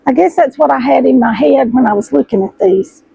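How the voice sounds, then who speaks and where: A middle-aged woman chats warmly to her viewers, gushing as she unboxes fabric. Her voice is high and husky, hoarse and froggy as if she is about to lose it. The sound is close and dry. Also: a little fast, no echo, low-quality recording. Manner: chatty, gushing, addresses viewers as y'all. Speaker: sewing vlogger host. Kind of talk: casual chat while unboxing fabric.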